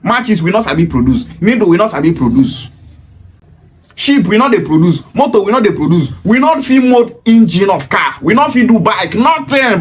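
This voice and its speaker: Nigerian man, high-pitched, emphatic lecture, rhetorical. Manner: emphatic, preachy, rhetorical questions. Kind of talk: impassioned monologue in Pidgin and Igbo.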